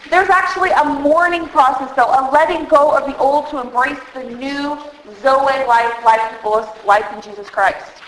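A woman's voice: sits high, normal speed, hardly any pauses, a bit bright. A woman preaching at a women's conference, earnest and emotional, speaking straight to her audience through a microphone. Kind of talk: sermon. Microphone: handheld microphone. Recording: very echoey hall.

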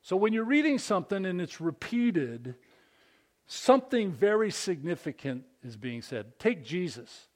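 A male preacher delivers his sermon at an unhurried pace. His voice sits a bit high for a man, and he swings upward, loud and pleading, when he acts out scripture quotes. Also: big pitch swings. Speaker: pastor.

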